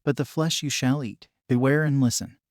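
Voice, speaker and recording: A man reading scripture aloud as an audiobook, in a steady, measured way. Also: mid-range voice, no echo, clean studio sound. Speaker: scripture reader.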